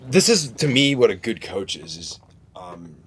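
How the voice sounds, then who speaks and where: A man's voice: lowish voice, very animated, a little slow, slight background noise. A middle-aged man, a wrestler being interviewed, telling stories in a casual, laid-back way and swearing often.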